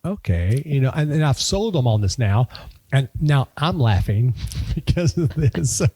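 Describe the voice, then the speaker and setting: A man's voice: mid-range voice, animated, moderate pace, warm tone, dry recording. A man hosting a podcast in casual chat, effusive and laughing often. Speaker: podcast host.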